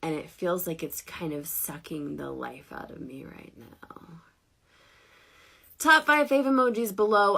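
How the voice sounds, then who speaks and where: A woman in her thirties hosting a casual livestream, chatty and giggly, self-deprecating, sounding tired and low on energy. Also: gravelly, a bit bright. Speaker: network marketing livestream host.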